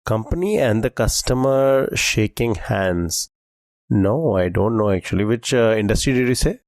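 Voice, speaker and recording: A man's voice: fairly low pitch, expressive, normal speed, no echo. A man co-hosting a quiz podcast, chatting casually and enthusiastically, thinking aloud as he guesses. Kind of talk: casual chat.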